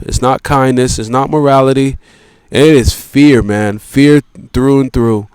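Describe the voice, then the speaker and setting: Smooth-voiced man ranting, dry close sound. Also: mid-range voice, a little mellow, no room sound. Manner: profane, repetitive, peppered with "you know" and "man". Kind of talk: rambling philosophical monologue.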